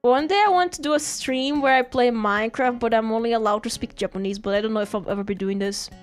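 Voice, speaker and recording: A woman's voice: a little high, fast, soft background music. A woman streaming live while drawing, chatting casually and playfully, giggling and repeating phrases to herself.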